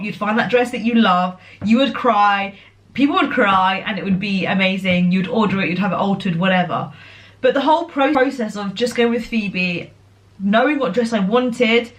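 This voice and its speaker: A young woman, chatting casually to her viewers as a vlogger, excitable and full of fillers and restarts. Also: medium pitch. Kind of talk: casual chat.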